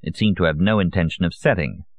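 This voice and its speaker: A man reading a novel aloud as an audiobook narrator, in a measured, even way. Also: low voice, dry recording. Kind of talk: scripted narration. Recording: dull, lo-fi audio.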